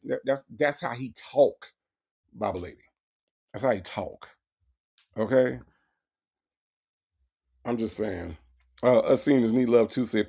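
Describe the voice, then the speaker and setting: A man hosting a casual comedic commentary, animated and talking back to his chat. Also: medium pitch, slow, creaky, pauses often, slightly rough. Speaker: commentary host.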